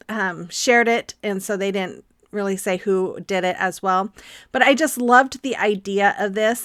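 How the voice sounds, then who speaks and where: A woman's voice: medium pitch, fairly bright tone, clear, resonant tone, no echo, studio quality. A woman hosting a craft tutorial, talking casually with frequent ums as she explains each step. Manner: chatty, friendly, frequent ums. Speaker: craft channel host.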